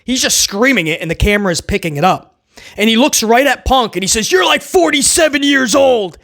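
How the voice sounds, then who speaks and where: A man's voice: high voice, lively intonation, quick pace, sharp tone. A man hosting a casual wrestling review, talking sarcastically and rambling with stammered restarts. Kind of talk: casual video review rant.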